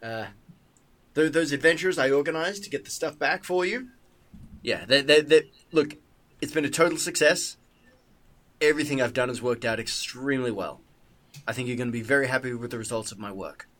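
A man's voice: medium pitch, a little fast, a bit bright, close to an everyday voice. A man voicing a nervous, self-important male aide who stammers and brags. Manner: stammering, boastful.

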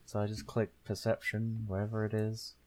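A man's voice: on the low side, completely flat delivery, moderate pace. A man playing in a tabletop game, joking around and fumbling with his character sheet. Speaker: player. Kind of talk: casual tabletop play.

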